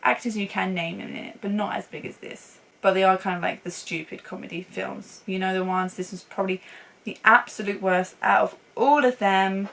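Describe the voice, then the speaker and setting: A woman's voice: medium pitch, fairly even intonation, normal speed, creaky, fairly bright tone, far from the mic, rough recording. A young woman chatting casually and enthusiastically as a film reviewer, laughing often. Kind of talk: casual chat.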